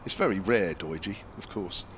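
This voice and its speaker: A man calls a cricket match live from an outdoor ground, his voice sitting fairly low. He talks in a chatty way, tossing asides to his partner between deliveries. There is audible noise over the outdoor broadcast audio. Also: moderate pace. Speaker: cricket commentator. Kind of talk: live sports commentary.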